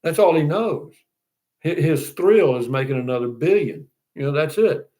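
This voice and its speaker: A man's voice: a little high, lively intonation, moderate pace, dark tone. Folksy older Texan man. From Texas. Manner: folksy, rambling, with frequent restarts and "you know what I mean". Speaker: live stream host. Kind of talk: casual live stream chat, reading comments.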